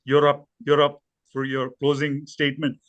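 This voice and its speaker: A man's voice: on the high side, monotone, a bit bright, no echo, dull audio. Man moderating a video call forum. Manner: brisk, prompting speakers to unmute.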